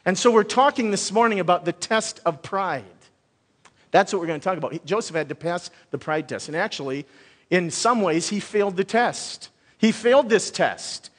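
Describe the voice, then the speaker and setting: A pastor with a high-pitched voice preaches a Sunday sermon in a church sanctuary at normal speed. He's conversational and animated, thinking out loud with many restarts, and the recording carries the long reverb of a large hall.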